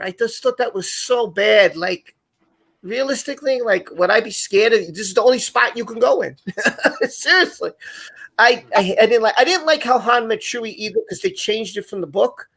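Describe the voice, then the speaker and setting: A man's voice: very high-pitched, expressive, normal speed, fairly bright tone. A man hosting a live online show, talking casually and rambling with many restarts and repeated words. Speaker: podcast host.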